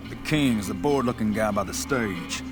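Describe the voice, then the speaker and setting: An actor voicing a rude, bossy street gang enforcer in a video game. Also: male voice, lowish voice, expressive, normal speed, over music, natural voice. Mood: brash. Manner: brash, swearing.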